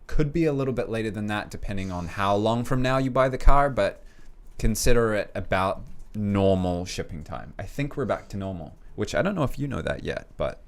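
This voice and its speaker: Low-voiced man explaining shipping steadily. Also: lively intonation, a little fast, vocal fry. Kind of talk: casual live-stream explanation.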